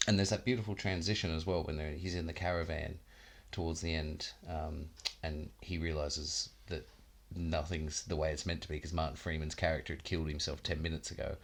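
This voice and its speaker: A man talks through a film in loose, rambling podcast chat. His voice sits very low, and he laughs often and swears without a second thought. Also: level tone, brisk, gravelly, few pauses. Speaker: podcast co-host.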